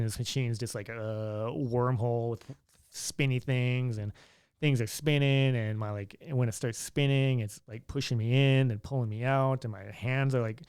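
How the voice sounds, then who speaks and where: A man's voice: mid-range voice, darkish tone, clear, resonant tone, no room sound, clean studio sound. A young man telling a story in a laid-back, chatty way, acting out what others said. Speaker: vlogger. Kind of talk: casual storytelling.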